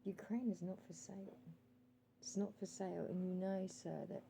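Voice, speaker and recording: A woman vlogger speaking earnestly straight to one listener, calling him sir, pausing often with ums and reading out her timer as she goes. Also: medium pitch, fairly even intonation, vocal fry, mellow, slight background noise, low-quality recording. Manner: calls out timer readings while talking. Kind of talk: direct-to-camera monologue.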